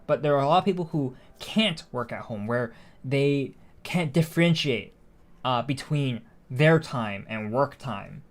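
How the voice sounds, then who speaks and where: A man's voice: mid-range voice, lively intonation, unhurried. A man streaming a video game, chatting casually and thinking aloud with frequent restarts and fillers. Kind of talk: casual live-stream chat while gaming.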